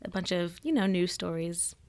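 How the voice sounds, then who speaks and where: A woman's voice: on the low side, expressive, moderate pace. A woman hosting a podcast, chatting casually and gushing with frequent laughter. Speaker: podcast host. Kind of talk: casual chat.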